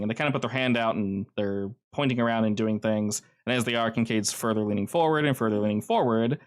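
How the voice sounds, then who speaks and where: A man narrating as game master in a casual, animated storytelling manner. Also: fairly low pitch, quick pace, few pauses.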